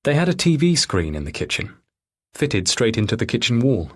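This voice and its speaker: A man narrating a mystery thriller audiobook in a steady, measured reading. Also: mid-range voice, breathy edge. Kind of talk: scripted narration.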